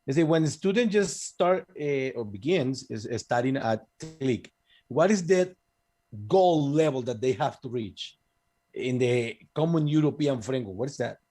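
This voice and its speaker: A man hosting a casual radio chat, talking haltingly with many restarts. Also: mid-range voice, lively intonation, dark tone. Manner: hesitant, many restarts and fillers. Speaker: radio host.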